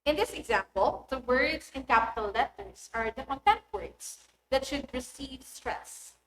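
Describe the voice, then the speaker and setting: A woman, a teacher giving a recorded English lesson in a clear, deliberate voice that stresses key words. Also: sits high, animated, fairly bright tone. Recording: echoey room with faint noise.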